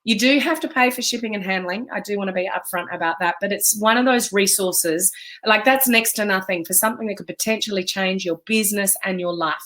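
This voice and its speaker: An Australian woman giving an energetic, emphatic motivational talk on a live stream, chatting with viewers as a business coach. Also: medium pitch, fairly quick.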